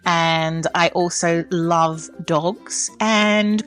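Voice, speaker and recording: A woman's voice: lowish voice, moderate pace, a bit bright, soft background music. A woman in her forties, an opera soprano co-hosting a podcast, chatting cheerfully with a mischievous streak. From Australia. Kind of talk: casual chat.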